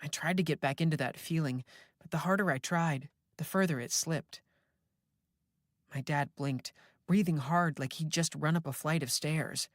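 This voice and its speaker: An audiobook narrator reading a first-person horror tale in a measured, reflective manner, close to a studio mic. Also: medium pitch, no echo.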